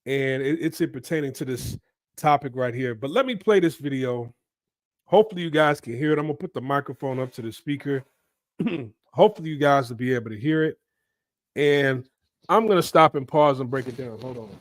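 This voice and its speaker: A man's voice: mid-range voice, fairly quick, no room sound. A man hosting a commentary channel, giving his opinion in an emphatic, preachy way and often checking in with "right?".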